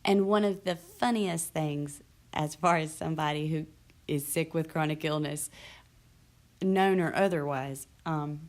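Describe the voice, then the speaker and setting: A woman's voice: low voice, a little slow. A young adult woman hosting her own vlog, talking candidly and with sarcasm, with frequent restarts. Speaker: vlog host. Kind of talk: casual talk to camera. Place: lives in the US South.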